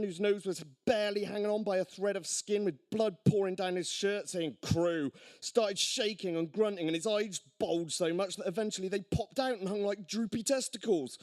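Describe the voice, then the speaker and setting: A man reading his own crude comic horror story aloud at a live storytelling night, gleeful and deadpan about the gore. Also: sits high, no echo, studio quality.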